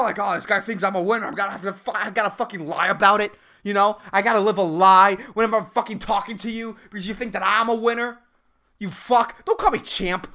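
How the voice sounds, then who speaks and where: Swearing podcast guy going off on a comedic rant, voice jumping all over the place, totally exasperated. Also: high-pitched. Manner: profane, animated, exasperated. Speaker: podcast host.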